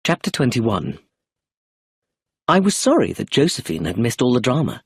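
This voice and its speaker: Husky-voiced man narrating a story. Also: mid-range voice, wildly swooping pitch, a little mellow, dry recording, clean studio sound. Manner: clear, measured storytelling. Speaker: audiobook narrator. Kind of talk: scripted narration for English learners.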